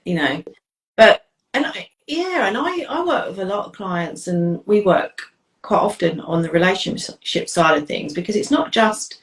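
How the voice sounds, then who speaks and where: A woman's voice: mid-range voice, animated, normal speed, recorded from a distance. A woman hosting an interview, affirming and chatty as she talks with her guest about relationships. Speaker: interview host, coach. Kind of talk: conversational interview. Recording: roomy sound, away from the mic.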